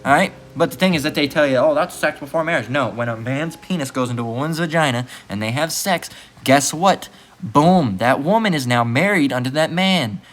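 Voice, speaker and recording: A man's voice: mid-range voice, expressive, normal speed, a bit bright, a little hiss or hum. A man preaching in a blunt, crude rant, swearing freely and tagging nearly every sentence with "all right?". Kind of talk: profane street preaching rant.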